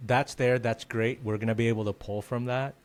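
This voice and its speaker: A podcast host with a steady mid-range voice talks fairly quickly, with slight background noise behind him. He chats casually and thinks aloud, reflective and full of fillers like "like."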